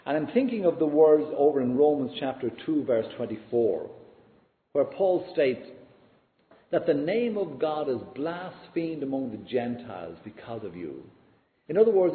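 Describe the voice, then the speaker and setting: A man preaching an expository sermon in an earnest, teaching manner. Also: medium pitch. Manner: earnest, teaching, lively rise and fall. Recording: echoey hall, tinny lo-fi sound.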